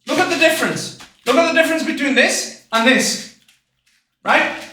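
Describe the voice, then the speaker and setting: High, bright-voiced excitable man. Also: moderate pace, heavy reverb, recorded from a distance, slight background noise. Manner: excitable, repetitive, blunt, swears. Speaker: streamer. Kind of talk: casual reaction commentary.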